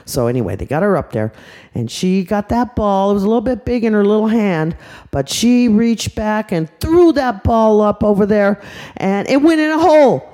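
An older woman tells an improvised bedtime story in a chatty way, tossing in sound effects. Her voice is mellow and swings widely in pitch. She keeps it warm and easygoing. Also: big pitch swings, moderate pace. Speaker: storyteller grandmother.

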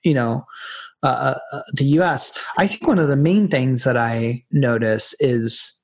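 A man's voice: medium pitch, measured pace, breathy edge. A man chatting casually on a podcast, rambling through anecdotes and laughing easily. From United States. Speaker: podcast co-host. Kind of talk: casual chat. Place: lives in Ireland.

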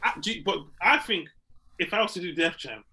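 British dude with a slightly high voice, cheeky, teasing his mate. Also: lively intonation, a little fast, bright, forceful tone, a little hiss or hum. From Britain. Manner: playful, teasing, drops into mock voices. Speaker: comedian podcast co-host. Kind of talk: casual chat.

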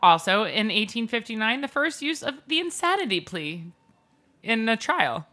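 A woman co-hosting a casual podcast, telling the history in an animated, jokey way with bursts of mock outrage. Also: a little high, normal speed. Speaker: podcast co-host. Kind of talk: casual chat.

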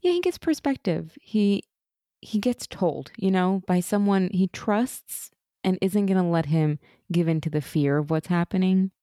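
A woman's voice: lowish voice, lively intonation, a little slow, warm tone, dry recording, studio quality. A woman co-hosting a casual chat about a TV episode, enthusiastic and gushing, often acting out lines. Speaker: podcast co-host.

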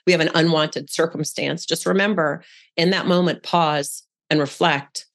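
A woman's voice: deep voice, fairly even intonation, normal speed, creaky. A woman speaking as a podcast guest in casual conversation, frank and down-to-earth, with a coaching tone.

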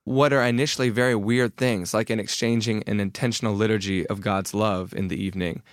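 A man's voice: lowish voice, steady tone, a little fast, no room sound, clean studio sound. A man in his thirties, a guest author talking candidly and self-deprecatingly in a casual podcast conversation, often restarting his sentences.

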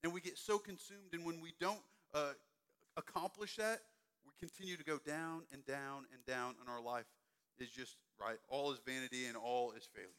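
A man's voice: mid-range voice, steady tone, moderate pace, a bit bright, clean tone. A young man preaching a sermon to middle school students as their youth pastor, talking conversationally and speaking straight to the kids.

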